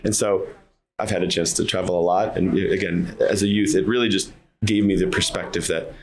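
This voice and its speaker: A man from the United States with a very deep, low voice. He talks as a guest in a casual interview, thoughtful and halting. He pauses to find his words. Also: steady tone. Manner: thoughtful, halting, many fillers and restarts.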